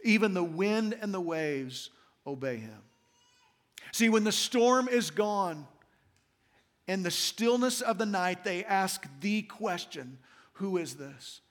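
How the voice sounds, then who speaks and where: A middle-aged man, a senior pastor, giving a Christmas sermon and telling stories, slowing down to stress scripture. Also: high-pitched, expressive. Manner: storytelling, slows down for emphasis on scripture. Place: large church auditorium. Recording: reverberant church hall.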